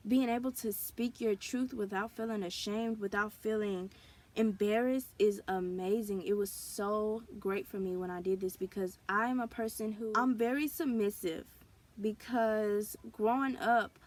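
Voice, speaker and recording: A woman's voice: medium pitch, steady tone, unhurried. A woman vlogger speaking in an earnest, confessional way, sharing personal experiences in a casual talk to camera. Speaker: spiritual wellness vlogger. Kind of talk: candid personal vlog talk.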